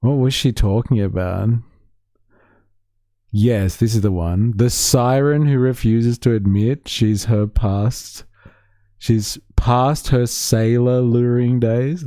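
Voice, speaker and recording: A man's voice: fairly low pitch, gravelly, dark tone, no room sound, clean studio sound. A man hosting a livestream, casually reacting to clips, swearing, laughing and quoting lines back in mocking voices. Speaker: livestream host.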